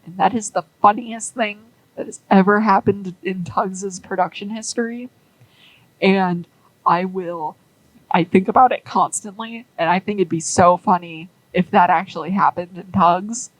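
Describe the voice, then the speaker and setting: A woman's voice: medium pitch, steady tone, a little slow, poor audio. A young woman rambling through a casual story with many fillers and an amused tone.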